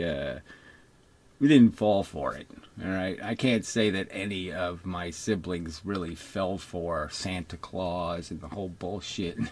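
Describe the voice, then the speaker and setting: Older guy ranting alone on camera, swears a lot, mocking and sarcastic, kinda husky low voice. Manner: mimics others in put-on voices. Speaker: video commentator. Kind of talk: unscripted ranting monologue.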